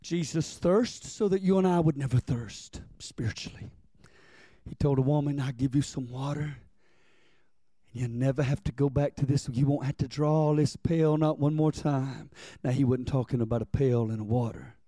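A man preaching a sermon in a church, building from plain talk to shouted, drawn-out peaks and calling on the congregation to respond. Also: mid-range voice, dry recording, clean studio sound. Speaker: pastor.

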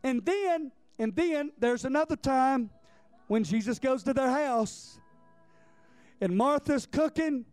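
A man preaches with rising passion, his voice pitched high for a man. He hammers words over and over and climbs toward shouts. The sound is dry, with no room echo. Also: slow, smooth, faint music behind. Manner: impassioned, repeats words, builds to near-shouts. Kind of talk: sermon.

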